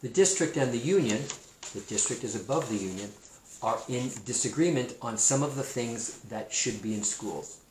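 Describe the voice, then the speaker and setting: A man with a Pacific Northwest American accent teaching a kindergarten-level lesson, slowly repeating new words so young children will remember them. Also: medium pitch, lively intonation, darkish tone, echoey room, a little hiss or hum, rough recording.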